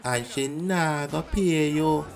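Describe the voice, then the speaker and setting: Cartoon: performer as a slow, sly, unruly Jamaican kid. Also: mid-range voice, gravelly. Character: unruly young boy, cheeky.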